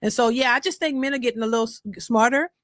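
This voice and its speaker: Woman, channel host, sassy, emphatic, slangy, high voice, dry close sound. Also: fast, fairly bright tone, no room sound. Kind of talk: casual commentary to viewers.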